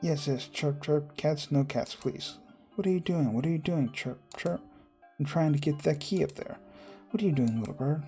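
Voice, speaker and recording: A man's voice: fairly high pitch, normal speed, warm tone, faint music behind, natural voice. A man doing a chirpy little cartoon bird. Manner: repeats phrases, chirps between words.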